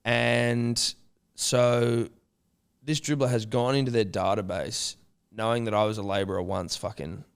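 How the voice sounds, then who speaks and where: A man co-hosting a podcast, telling a story in a loose, animated and sweary casual chat. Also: medium pitch, a little slow, creaky, smooth. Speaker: podcast co-host.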